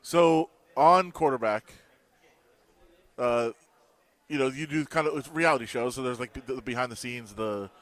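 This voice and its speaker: A man's voice: mid-range voice, normal speed, pauses often. A man co-hosting a sports radio show, telling stories in casual chat and acting out the lines of people he quotes. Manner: animated storyteller, acts out quoted dialogue. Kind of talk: casual sports talk and storytelling.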